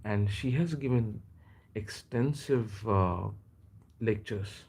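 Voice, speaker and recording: A man from India chats his way through a casual live stream in a low, husky voice. He rambles from one thought to the next, stopping often to hesitate and correct himself. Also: slow, a little mellow. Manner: rambling, chatty, frequent hesitations and self-corrections. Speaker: livestream host.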